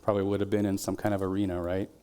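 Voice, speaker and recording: A man preaches in a church in a fairly low voice. He talks in a relaxed, conversational way and drops his voice low at times. Now and then he bursts out loud to act out a cheering crowd. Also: rapid-fire, clear, resonant tone. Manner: conversational preaching, drops to quiet tones, shouts quoted cheers. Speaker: pastor. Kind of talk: sermon.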